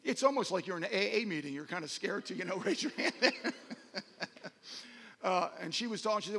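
A man with a high, gravelly voice preaches a sermon in a folksy, rambling way, dropping joking asides to his congregation. His tone is bright and edgy. The sound carries the long reverb of a large church hall. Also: animated, fairly quick, pauses often. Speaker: pastor.

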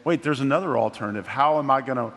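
A man's voice: medium pitch, fast talker, fairly bright tone. A man hosting an interview in an affirming, encouraging way, reflecting back on what his guest says. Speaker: podcast host. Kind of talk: interview conversation. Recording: long reverb.

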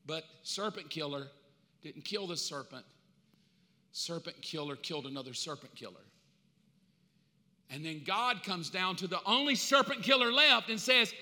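Animated bright-voiced man preaching. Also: sits high, normal speed, pauses often. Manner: animated, humorous, switching voices. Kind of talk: sermon with acted storytelling. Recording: long hall reverb.

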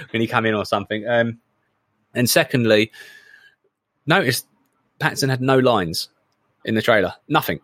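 A man co-hosting a casual film podcast, excited and sweary, rambling between points. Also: mid-range voice, normal speed, long pauses, no room sound, studio quality. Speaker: podcast co-host.

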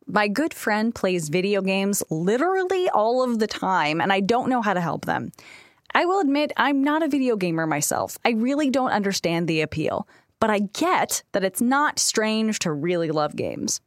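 A young woman co-hosting a casual podcast, her voice swinging widely in pitch as she reads listener letters and riffs with her partner. She laughs easily and tells stories with animated energy. The sound is dry and close, with no room in it. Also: no echo. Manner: lively, laughs often, animated storytelling. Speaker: podcast co-host answering listener questions. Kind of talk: casual chat.

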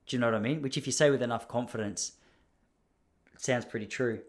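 A man's voice: mid-range voice, a little fast. An Australian man in his thirties, telling a casual story in a rambling, self-deprecating way with many asides. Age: 30s.

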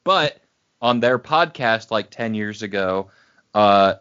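A man's voice: fairly low pitch, lively intonation, slow pace, fairly bright tone, clear, resonant tone, no echo. A man co-hosting a podcast, telling rambling stories with many fillers in casual chat. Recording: dry, dull lo-fi sound.

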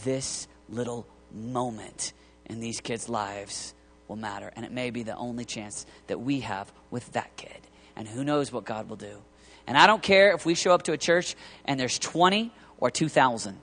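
A man preaching a sermon to a ministry team, impassioned and rising to near-shouting peaks, acting out quoted voices. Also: medium pitch. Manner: acts out quoted voices and awkward pauses. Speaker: pastor leading a ministry tour team.

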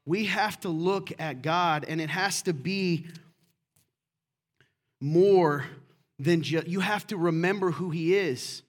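A middle-aged man preaching a sermon as pastor, lively and acting out quoted voices. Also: fairly high pitch, slow pace, pauses often.

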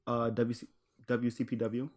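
A man's voice: mid-range voice, monotone, moderate pace, a little mellow. Easygoing man rambling in chat. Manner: rambling, laughs often, loses words. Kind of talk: casual chat.

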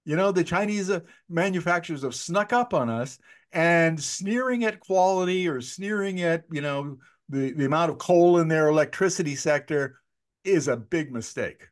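A man in his sixties interviews a guest in a chatty, anecdotal style, frequently starting his sentences over. His voice sits a little high, with lively intonation and a moderate pace.

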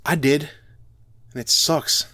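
A man voicing a quiet, sullen male dwarf bard in a rough put-on brogue, sounding wounded and defiant. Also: a little high, steady tone, takes it slowly, dry recording, voice pushed up, exaggerated voice. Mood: bitter, defiant.

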